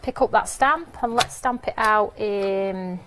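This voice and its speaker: A woman's voice: mid-range voice, slow, noisy background. A British woman running a live craft demonstration in a TV studio, chatting and joking as she talks through each step. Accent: British English.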